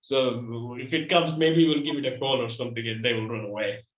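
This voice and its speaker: A man's voice: mid-range voice, fairly even intonation, brisk. A man hosting an improv comedy scene over a video call, playful and dramatic as he leads the others. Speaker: improv host. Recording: echoey, dull video call audio.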